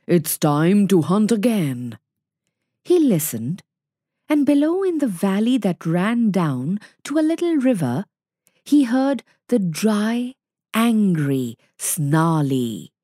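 A woman reading a story aloud clearly and expressively for learners to follow. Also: medium pitch, very animated, slow, dark tone, dry recording, clean studio sound. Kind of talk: slow read-aloud for learners.

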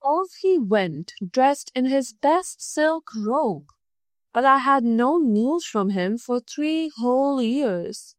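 A woman voicing a clever, calm young woman who speaks politely and with quiet cunning in a storybook reading. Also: high voice, slow pace, dry recording. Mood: composed. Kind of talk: storybook narration.

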